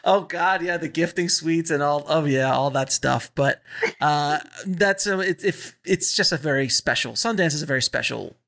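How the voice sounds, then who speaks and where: A man hosting a podcast interview, talking in animated, restarting bursts and laughing often. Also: on the high side, normal speed, creaky. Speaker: podcast host. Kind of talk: casual interview chat.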